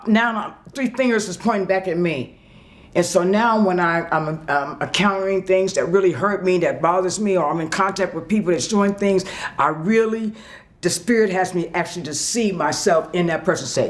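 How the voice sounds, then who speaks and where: A woman's voice: fairly low pitch, a little fast. A woman sharing a personal testimonial as an employee. She speaks emphatically and emotionally, laughs often, and acts out her own past words as she tells her story.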